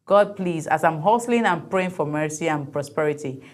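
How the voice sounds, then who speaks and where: A woman's voice: deep voice, moderate pace. Chatty woman hosting a talk show. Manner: chatty, opinionated, laughs easily. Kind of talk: commentary on viral videos.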